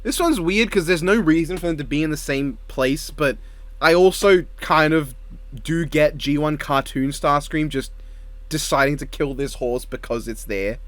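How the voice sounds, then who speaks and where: A man co-hosting a casual podcast chat, animated and joking, with quick asides. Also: on the high side, no room sound. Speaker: co-host.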